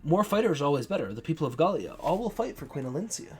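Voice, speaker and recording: A man's voice: on the high side, sing-song, quick pace, faint music behind. A man voicing a blunt, impatient young wolf warrior in a video game.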